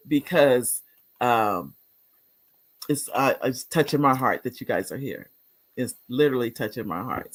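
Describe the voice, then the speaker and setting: A woman's voice: very deep voice, breathy edge. A middle-aged woman hosting a casual live talk show, chatty and rambling as she reads viewer comments, laughing often.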